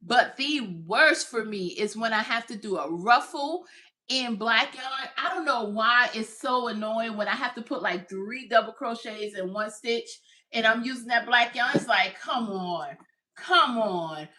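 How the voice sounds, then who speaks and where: A woman hosts a relaxed crochet livestream, talking straight to her viewers and reading their comments aloud. Her voice sits a little high and comes across bright and forward. She chats freely and laughs easily. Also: measured pace. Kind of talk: casual livestream chat.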